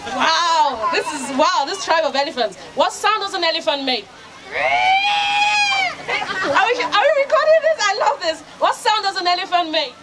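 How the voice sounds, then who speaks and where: A woman from Nigeria, a storyteller and radio host, telling a children's story with lively call-and-response. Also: very high voice, moderate pace. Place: outdoor festival kids' area. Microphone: handheld microphone. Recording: outdoor crowd noise in background.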